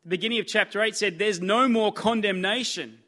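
Man, preacher; high bright voice, slow emphatic sermon delivery. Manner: earnest, emphatic, building repetition.

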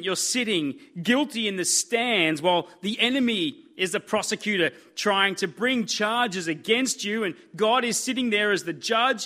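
Man, preacher; high bright voice, slow emphatic sermon delivery. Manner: earnest, emphatic, building repetition.

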